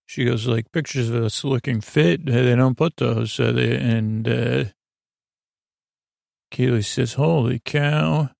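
Slow gravelly man recapping casually. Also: mid-range voice, steady tone, darkish tone, no echo, clean studio sound. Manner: halting, retelling scenes with many pauses. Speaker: podcast host.

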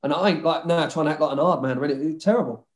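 A man's voice: on the high side, rapid-fire. A man telling rowdy stories about his football days in a casual chat, swearing freely and laughing often. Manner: swears a lot, laughs often, mimics others. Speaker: former footballer guest.

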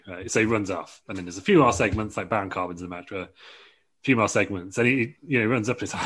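Husky, laughing man telling a story. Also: lowish voice, fairly bright tone. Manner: laughing, rambling, slips into quick impressions. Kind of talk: casual chat, pitching a joke storyline.

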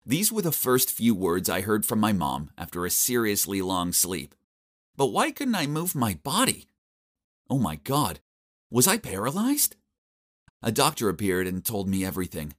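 A man narrating a first-person story in a wry, animated way. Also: on the low side, normal speed.

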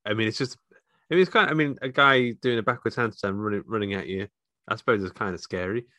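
Brit co-host, low voice with a bright edge, tentative delivery, dry sound. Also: male voice, fast, no echo. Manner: hesitant, many fillers. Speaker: podcast co-host. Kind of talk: casual chat.

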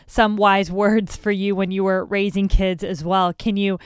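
A woman's voice: medium pitch, flat delivery, measured pace, clean tone, no room sound, studio quality. A woman hosting an interview, asking questions and giving brief encouraging replies. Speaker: host. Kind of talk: interview host.

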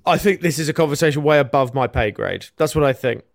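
A man's voice: mid-range voice, fast talker, creaky, no room sound, clean studio sound. A man co-hosting a comedy podcast, in sleepy, teasing casual banter. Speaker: podcast co-host.

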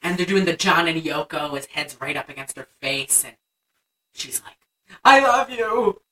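A woman's voice: deep voice, steady tone, normal speed, sharp tone, far from the mic, rough recording. A young woman co-hosting a casual chat, animatedly retelling a movie scene and acting out the lines. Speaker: podcast co-host.

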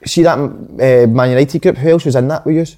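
A man's voice: mid-range voice, a little fast, warm tone. A man, a podcast co-host full of joking banter. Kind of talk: casual chat.

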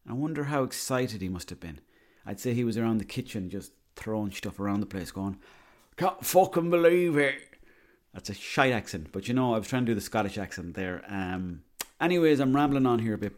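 A man's voice: lowish voice, darkish tone. A man telling a rambling, boastful comic monologue, swearing freely.

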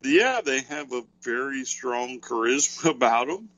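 A man's voice: medium pitch, a little slow, a bit bright, dull audio. A man co-hosting a podcast, talking casually in a rambling way and thinking aloud with lots of fillers. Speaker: podcast co-host. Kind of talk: casual wrestling chat.

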